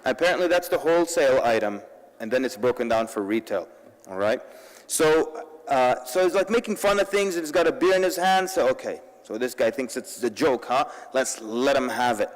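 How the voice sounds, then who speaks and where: A man's voice: medium pitch, moderate pace. A man giving a sermon-style talk at a convention, telling stories with humorous asides and addressing the audience directly. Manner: lively storytelling with humorous asides. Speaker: convention speaker. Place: large convention hall. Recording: long reverb in a large hall.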